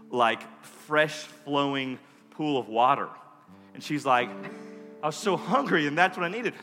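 A man preaching a sermon as pastor, his delivery rising from hushed prayer to impassioned appeal. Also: mid-range voice. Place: church sanctuary. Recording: music, long hall reverb.

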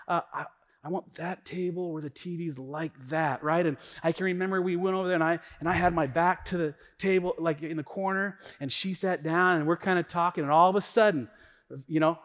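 A middle-aged man preaching a sermon as pastor, telling a story with lively, acted-out quotes in a church. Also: on the high side. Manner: animated storytelling, acts out quotes. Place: church sanctuary. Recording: long hall reverb.

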